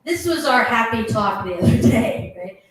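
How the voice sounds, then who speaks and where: A middle-aged woman tells stand-up jokes with a lively, swinging pitch. She sits a bit high for a woman and drops low to mimic her husband. Her voice rings in a very echoey room, picked up from a distance. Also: moderate pace. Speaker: stand-up comic. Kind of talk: stand-up comedy set. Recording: roomy echoing venue, mic heard from a distance.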